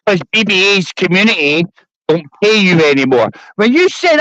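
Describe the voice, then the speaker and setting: A man's voice: sits high, animated, normal speed, a bit bright, no echo. A man on a livestream panel, crude, mocking and rambling, heard through slightly dull stream audio. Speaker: panel guest. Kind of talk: heated livestream panel banter.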